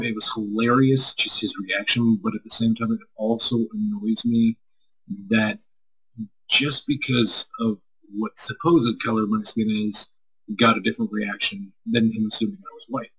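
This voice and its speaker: A man's voice: fairly low pitch, fairly bright tone, slightly rough, rough recording. A man co-hosting a live stream, answering chat in a loose, rambling way and swearing freely. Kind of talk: casual chat.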